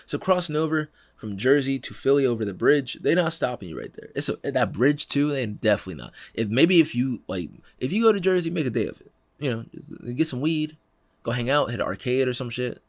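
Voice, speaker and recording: A young man hosting a podcast in casual chat, animated and laughing, acting out quotes in slangy talk. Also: medium pitch, a little fast, no room sound. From Pennsylvania, United States. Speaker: podcast host.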